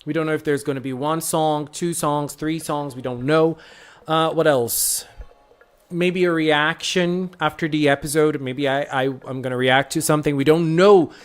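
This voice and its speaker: An excitable live streamer, a little sick, greeting chat viewers by name in casual stream talk. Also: mid-range voice, normal speed, clear, resonant tone.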